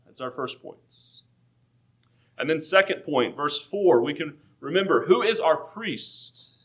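A male pastor delivering a sermon in a slightly high voice. He walks through the text point by point, slowing down for emphasis, with touches of dry humor. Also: expressive, fairly bright tone.

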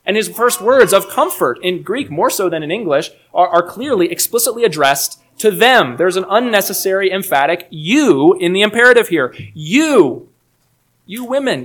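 Emphatic man preaching a sermon. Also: a little high. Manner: earnest, emphatic, swings between soft and raised delivery. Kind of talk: expository sermon.

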